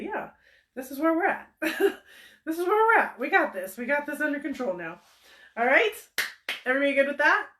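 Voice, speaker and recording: A woman's voice: a little high, fairly bright tone. A woman hosting a casual livestream chat with a bubbly, laughing, rambling storytelling manner. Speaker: host. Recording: echoey room.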